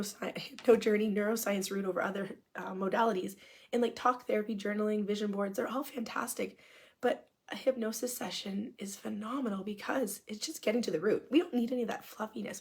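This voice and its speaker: Husky woman coach, chatty and upbeat. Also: mid-range voice. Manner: chatty, upbeat and encouraging, dropping to near-whispers at times. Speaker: marriage coach and hypnotist. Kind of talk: casual talk answering questions.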